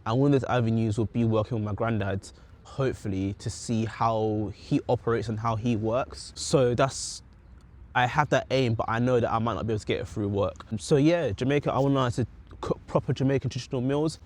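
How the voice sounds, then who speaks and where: A man's voice: mid-range voice, a little fast. A man talking earnestly and reflectively in a casual personal vlog, sometimes repeating words for emphasis. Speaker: vlogger.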